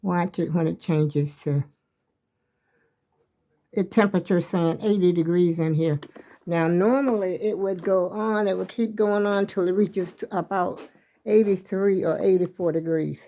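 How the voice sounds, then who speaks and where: Unhurried and lowish, with a dark tone, the voice belongs to an older woman vlogging at home in her kitchen. She wanders from topic to topic while addressing her viewers directly, slightly breathless.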